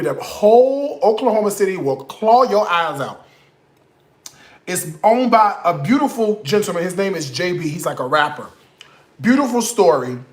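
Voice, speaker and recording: A tipsy man hosts a cooking tutorial from his home kitchen, sassy and salty-mouthed as he rants. His voice swings up and down animatedly, yet he drawls at an unhurried pace. The sound bounces around a roomy kitchen. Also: high-pitched. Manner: sassy, profane, rants dramatically. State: tipsy from liquor. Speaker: home cook, cooking show host.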